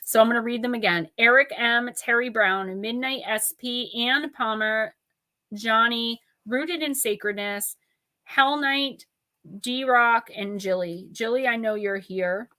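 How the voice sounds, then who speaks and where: A woman's voice: on the high side, measured pace, sharp tone, no echo. A woman giving blunt, playful oracle card readings to viewers on a live stream, reading their names out in lists. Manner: blunt, playful, lightly profane.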